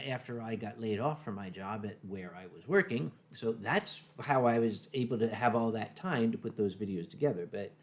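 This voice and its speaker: A man in his thirties co-hosting a live stream, chatting casually with a dry, snarky wit. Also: mid-range voice. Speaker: stream co-host. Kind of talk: casual chat.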